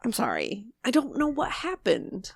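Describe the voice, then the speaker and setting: A woman's voice: on the high side, huge pitch swings, a little slow, vocal fry, husky, no room sound. A young woman co-hosting a casual podcast, joking, swearing and teasing as she chats. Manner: swearing, laughing, teasing banter. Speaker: podcast co-host. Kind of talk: casual chat.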